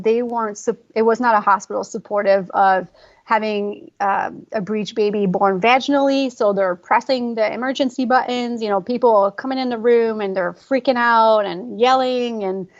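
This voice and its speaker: A woman guest on a podcast, a fitness coach, telling a personal story in a fast, emotional way with many fillers. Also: on the high side, steady tone, lo-fi sound. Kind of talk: conversational podcast interview.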